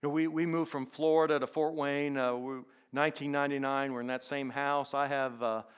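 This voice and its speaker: A man's voice: mid-range voice, little pitch movement, fairly quick, clear, resonant tone. An older man preaching a sermon as a pastor, telling personal stories in an earnest way and often repeating words as he goes. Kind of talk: sermon storytelling.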